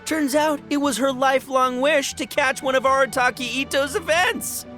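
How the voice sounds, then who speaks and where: A man's voice: very high-pitched, normal speed, pushed and bright, faint music behind. An actor playing a brash, boastful young male gang boss in a video game, boisterous and laughing, tripping over fillers. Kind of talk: game voice acting.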